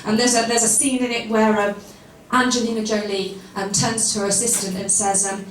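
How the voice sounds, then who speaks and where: A woman's voice: on the high side, flat delivery, brisk, few pauses, a little hiss or hum. A young woman performing a stand-up comedy set, chatty and rambling with many ums and self-deprecating asides. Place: live comedy venue with an audience. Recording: roomy live venue from far off.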